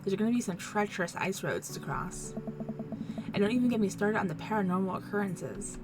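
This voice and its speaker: A woman reading the lines of a gentle, doting middle-aged single father from a dating game, in her own mid-pitched voice. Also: animated, a little fast, music in the background, lightly acted. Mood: gentle fatherly. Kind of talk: reading game dialogue aloud.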